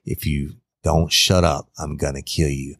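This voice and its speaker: A man voicing a cold, threatening male abductor who speaks in a flat, menacing way. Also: very deep voice, measured pace, dry recording, clean studio sound, heavily acted.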